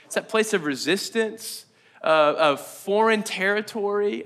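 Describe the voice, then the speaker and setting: A man's voice: high-pitched, normal speed, fairly bright tone. A man preaching a casual, joking sermon to his church, talking conversationally and laughing often. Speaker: pastor.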